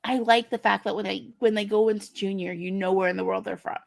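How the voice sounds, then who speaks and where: A woman from the United States co-hosting a casual chat show, talking quickly with lots of fillers and laughs. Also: medium pitch, steady tone, gravelly. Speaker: podcast co-host.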